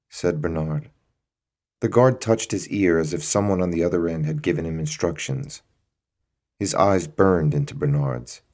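Deep-voiced male story narrator. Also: normal speed, a little mellow.

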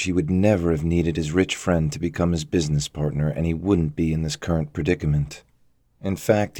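A man narrating a thriller story in a measured, even storytelling manner. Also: sits low, no echo, clean studio sound. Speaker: audiobook narrator.

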